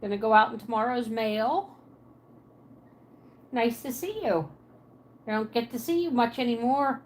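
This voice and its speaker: Livestreaming casually from her apartment, a woman from Pennsylvania responds out loud to viewer comments in a Pennsylvania Dutch accent with a Southern twang. She speaks on the high side, a little slowly and mellowly, with a slight hiss or hum present.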